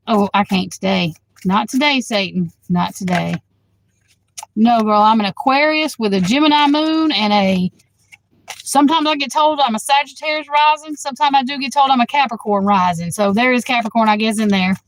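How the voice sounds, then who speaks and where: A woman reading tarot for a live online audience talks in a loose, chatty way. She is blunt and outspoken, swears freely and flares up quickly when viewers provoke her. Her voice sits a little high, with a faint hiss behind it. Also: rough recording. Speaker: tarot reader. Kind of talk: casual livestream chat.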